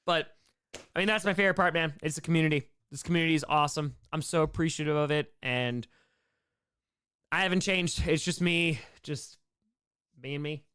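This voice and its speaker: A man's voice: on the high side, normal speed, long pauses, a bit bright, smooth. A man hosting a casual live-stream Q&A, upbeat and rambling, thanking viewers by name, his voice a bit worn from hours of talking. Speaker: live-stream host answering chat questions.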